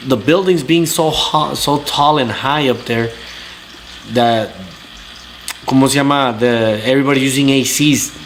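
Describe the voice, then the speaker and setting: A man's voice: medium pitch, measured pace, a little hiss or hum. Ranting man. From Southern California. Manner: profane, blunt, ranting. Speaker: talk show host reading live chat. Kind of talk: casual livestream rant.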